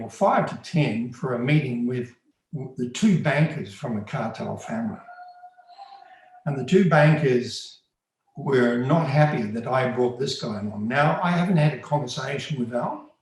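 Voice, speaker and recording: A man's voice: mid-range voice, normal speed. A man telling a first-person story in an earnest, plain-spoken, conversational way. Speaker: storyteller recounting undercover work. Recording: very echoey room.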